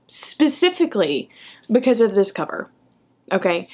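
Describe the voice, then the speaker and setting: A woman's voice: mid-range voice, expressive, moderate pace. Chatty enthusiastic young woman vlogger. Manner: chatty, enthusiastic, tags remarks with "okay?". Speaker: book vlogger. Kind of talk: casual chat.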